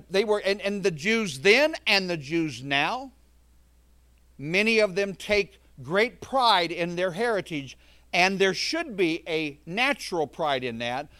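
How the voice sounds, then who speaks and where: High-voiced earnest male preacher. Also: a bit bright, dry recording. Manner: earnest, emphatic, with conversational asides. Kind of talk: verse-by-verse sermon.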